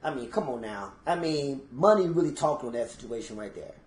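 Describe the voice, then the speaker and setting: A man's voice: mid-range voice, animated, a little fast, a little mellow, roomy sound. A man co-hosting a podcast in casual chat, telling stories emphatically and talking to listeners as y'all. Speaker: podcast co-host.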